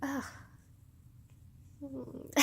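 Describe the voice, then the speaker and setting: A woman's voice: high voice, level tone, drawn-out words, vocal fry, sharp tone. Teary rambling young-sounding woman vlogger. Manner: rambling, says "like" constantly, laughs through tears. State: teary, emotional. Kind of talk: emotional confessional vlog.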